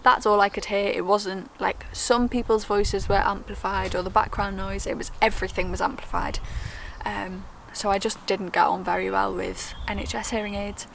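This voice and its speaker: Young uk woman chatting to camera, fast and earnest, gravelly, noisy traffic behind. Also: mid-range voice, steady tone, fairly bright tone. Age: young adult. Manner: chatty, quick, earnest with filler ums. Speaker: vlogger. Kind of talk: casual talk to camera.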